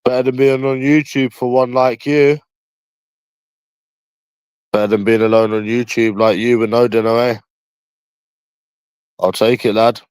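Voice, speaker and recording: A man's voice: medium pitch, fairly even intonation, a little slow, pauses often, a little mellow, smooth, no room sound. A young man from London chatting on a livestream, blunt and rambling with frequent swearing. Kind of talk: casual livestream chat.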